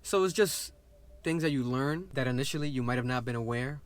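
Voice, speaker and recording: A man's voice: mid-range voice, a little fast. A young man chatting casually as a vlog co-host, rambling and restarting his sentences. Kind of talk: casual chat.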